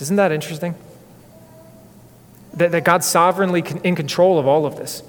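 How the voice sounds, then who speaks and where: Earnest pastor preaching in an echoey hall. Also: male voice, a little high, brisk, long pauses. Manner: earnest, dramatic storytelling. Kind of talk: sermon.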